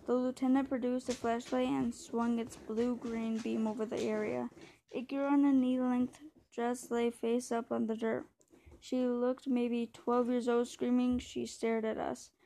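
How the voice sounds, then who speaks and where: Female reader for a war novel, steady, slightly high, mellow and flat. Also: vocal fry, poor audio. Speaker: book reader. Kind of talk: reading a war novel aloud.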